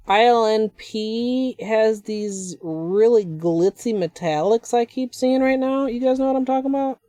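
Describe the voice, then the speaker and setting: A woman's voice: on the high side, warm tone, no echo, clean studio sound. A woman chatting casually while livestreaming a nail art session, rambling and joking to her viewers. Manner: chatty, rambling, self-deprecating asides.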